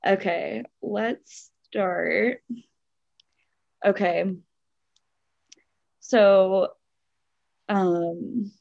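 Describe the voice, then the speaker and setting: Giggly woman with a lower voice. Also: no echo, lo-fi sound. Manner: giggly, filler-heavy, lots of "like" and "um". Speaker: podcast co-host. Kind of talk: casual chat, reading a listener story.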